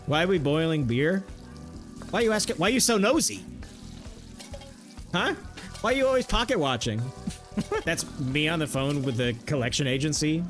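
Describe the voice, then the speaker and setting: A young man streaming a game, riffing jokes to his chat and laughing often. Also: fairly high pitch. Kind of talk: casual livestream banter while gaming.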